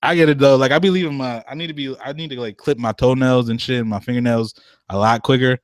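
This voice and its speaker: A young man co-hosting a casual podcast, talking in slangy, profane bursts that jump up in pitch when he gets riled. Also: steady tone, fast talker, dry recording, studio quality. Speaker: podcast co-host. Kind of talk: casual chat.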